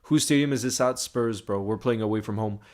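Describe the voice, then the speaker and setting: A man's voice: on the low side, fairly quick, darkish tone. A young man hosting a live stream, chatting casually and greeting viewers by name as he reads their comments. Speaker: livestream host.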